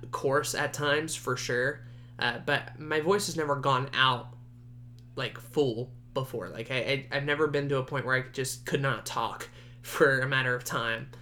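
A young man hosting his own podcast, chatting casually and rambling, often laughing, his voice jumping high at times. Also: sharp tone, a little hiss or hum. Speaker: podcast host. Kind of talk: casual solo podcast chat.

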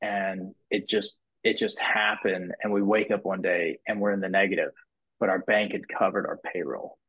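A man with a husky, somewhat low voice talks on a podcast, recorded in slightly muffled sound. He tells stories casually and with energy, stumbling over his restarts and leaning on "you know". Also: normal speed. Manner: animated storyteller, many restarts and "you know"s, rises high acting out quotes. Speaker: podcast guest, business owner. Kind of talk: casual storytelling interview.

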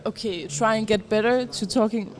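A young woman from Denmark speaking in a put-on Russian accent, halting and full of fillers while keeping a straight face. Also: on the high side, fairly even intonation. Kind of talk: casual chat. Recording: busy crowd noise behind. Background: crowd chatter.

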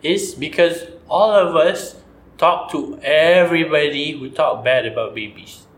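A man doing a deadpan, mock-indignant comedy bit, posing as the offended spokesman of a group. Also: on the high side, measured pace. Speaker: podcast co-host. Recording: echoey room with faint ambient noise.

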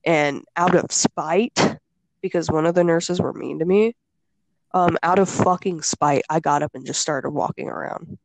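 Young woman, gravelly, dry close sound, casual storytelling, lots of filler words. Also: low voice, unhurried, no room sound, low-quality recording. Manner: storytelling, heavy filler words, frequent swearing. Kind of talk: casual chat.

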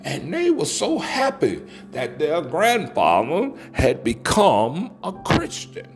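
Slow, animated male storyteller. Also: on the high side, faint music behind. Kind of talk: folksy spoken storytelling.

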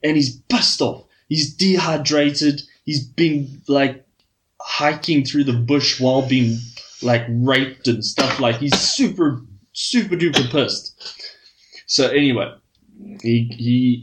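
A man's voice: medium pitch, measured pace, fairly bright tone, rough recording. A man on a podcast telling a long crude joke, swearing freely and padding it with fillers. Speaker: podcast host.

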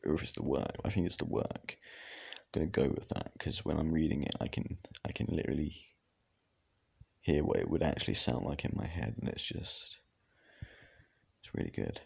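A man's voice: extremely low pitch, big pitch swings, normal speed, creaky, a little mellow, breathy edge. A man giving rambling, casual reaction commentary, swearing now and then. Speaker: reaction vlogger.

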